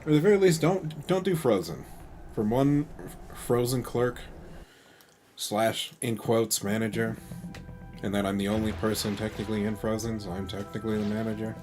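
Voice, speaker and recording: Male streamer, gravelly, low, wry and grumbly, game music underneath. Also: moderate pace. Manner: wry, grumbling, laughs often. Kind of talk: casual let's-play commentary.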